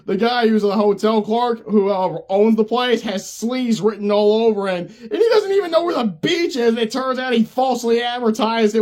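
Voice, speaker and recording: A man casually recapping an old cartoon special, laughing often as he talks. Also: sits high. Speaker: cartoon reviewer.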